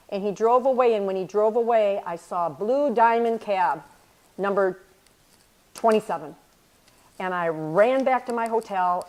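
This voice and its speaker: A middle-aged woman gives an inspirational faith talk to a women's group. She speaks earnestly in a medium-pitched voice. She slows down to stress and repeat her key phrases. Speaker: speaker at a women's church retreat.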